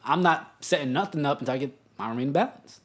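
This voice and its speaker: A man's voice: a little high, animated, quick pace, fairly bright tone. A man hosting a podcast, chiming in with short reactions and talking casually. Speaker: podcast host. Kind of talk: casual chat.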